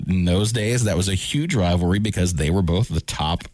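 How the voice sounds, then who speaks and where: Deep-voiced man enthusing about rivalries. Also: brisk, darkish tone, no room sound. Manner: enthusiastic, says "you know" a lot. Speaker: sports talk co-host. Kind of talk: casual sports chat.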